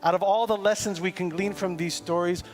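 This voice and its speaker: A man preaching a sermon as cantor in a synagogue, with a deliberate delivery built on poetic repetition. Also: high-pitched, steady tone. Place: synagogue sanctuary. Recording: long reverb in a large hall with faint music.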